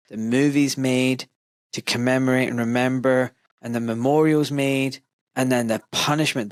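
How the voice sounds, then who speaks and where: A man's voice: medium pitch, no room sound. A man hosting a podcast interview, talking with passion and building rhetorical arguments. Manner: impassioned, rhetorical, mimics voices of others. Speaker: podcast host.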